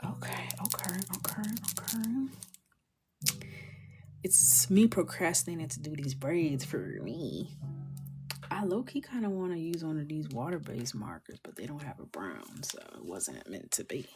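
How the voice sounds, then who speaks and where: A woman's voice: deep voice, very animated, moderate pace. A woman chatting casually while she colors, playful and talking to herself, often dropping to a whisper. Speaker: coloring creator. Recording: clear music underneath. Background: music.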